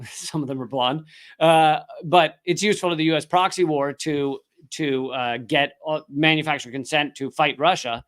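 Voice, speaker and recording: A man's voice: fairly high pitch, fairly even intonation, moderate pace, a bit bright. A man hosting a live political commentary show, talking in a sarcastic, ranting way. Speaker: show host.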